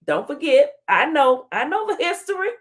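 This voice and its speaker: A woman's voice: sits high, big pitch swings, moderate pace. A woman hosting a casual live-stream talk show, reading comments aloud and trash-talking with a playful laugh. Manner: playful trash-talking, laughing, Southern slang like "child" and "honey".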